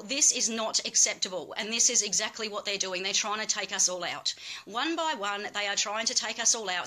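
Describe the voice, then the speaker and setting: A woman's voice: mid-range voice, sharp tone. A woman with an Australian accent making an impassioned, angry plea as an activist guest, emphatic and swearing.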